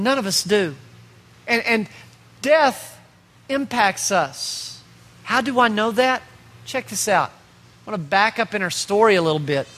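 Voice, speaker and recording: Male pastor, sermon, high voice, rhetorical questions. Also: a bit bright. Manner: preaching with rhetorical questions and pauses.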